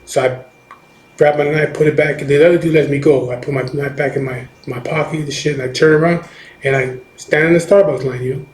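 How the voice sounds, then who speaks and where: A man's voice: fairly high pitch, fairly even intonation, brisk. A middle-aged man, a biker, telling a personal story in a rambling, profane way, full of restarts and "you know what I mean", while recovering from chemotherapy. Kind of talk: casual storytelling. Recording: echoey room.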